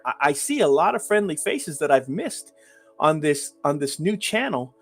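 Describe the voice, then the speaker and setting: A man's voice: fairly high pitch, very animated, moderate pace, soft background music. A man hosting a live stream, ranting emphatically with repeated phrases and joking banter with chat. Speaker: livestream host. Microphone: webcam framed at the beard.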